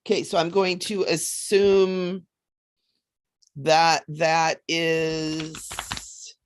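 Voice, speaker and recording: A woman hosting a casual psychic livestream, chatty and animated, often laughing as she reads cards. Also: sits low, drawn-out words, smooth. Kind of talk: casual livestream chat with card readings.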